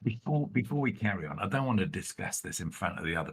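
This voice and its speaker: Husky-voiced male player. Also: lowish voice, lively intonation, fast, hardly any pauses. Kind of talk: tabletop game play.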